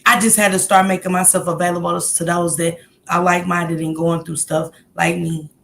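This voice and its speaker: A woman's voice: lowish voice, flat delivery, normal speed, vocal fry, fairly bright tone, a little hiss or hum. A woman hosting a casual livestream, talking heartfelt and encouraging as she greets viewers in the chat by name. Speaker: livestream host.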